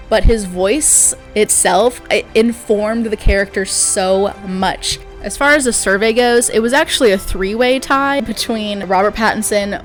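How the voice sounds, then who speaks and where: Brief: woman host, casual chatty film commentary, mid-pitched, easy fillers. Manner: chatty, frequent fillers, laughs easily.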